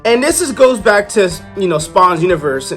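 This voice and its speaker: A man reviewing a comic book in a chatty, animated way, stepping aside for jokes and acting out the characters. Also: high-pitched, normal speed, soft background music. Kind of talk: casual review talk.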